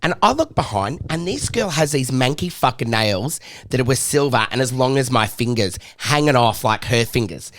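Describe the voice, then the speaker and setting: A man's voice: mid-range voice, animated, normal speed, a bit bright, a little hiss or hum. A man co-hosting a podcast, telling a story in casual chat with lots of swearing and emphasis. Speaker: podcast co-host.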